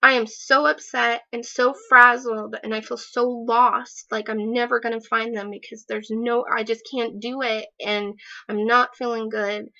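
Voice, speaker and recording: A woman with a bright, fairly high voice talks straight to camera in a casual vlog, rambling through fillers and laughing at herself. Her voice has a gravelly fry, and the recording sounds dull and lo-fi. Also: flat delivery, a little slow. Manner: chatty, rambling, many fillers; self-deprecating laughs. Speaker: vlogger.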